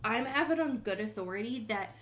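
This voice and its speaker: Blunt podcast woman, slightly high voice. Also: expressive, a little fast, a bit bright. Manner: blunt, swears, chimes in with short reactions. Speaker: podcast co-host. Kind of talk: casual book-club chat.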